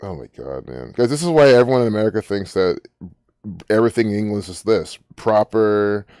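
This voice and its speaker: A man's voice: fairly low pitch, animated, fairly quick, darkish tone, clean tone, dry recording, clean studio sound. Rambling, profane man ranting. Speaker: channel host. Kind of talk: ranting screen-reading commentary.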